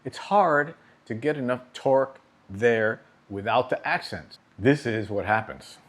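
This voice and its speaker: Guy giving a drum lesson, middle-pitched voice, a bit of hiss behind him. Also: animated, a little slow. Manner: patient, explanatory, frequent "okay?" check-ins. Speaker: drum teacher. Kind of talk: instructional demonstration.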